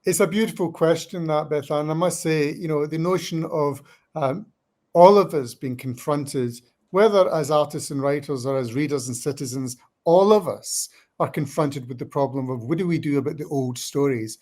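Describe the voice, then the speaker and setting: A man with a Scottish accent, answering interview questions as a guest author in an eloquent, measured, reflective way. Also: fairly high pitch, a little mellow. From Scotland.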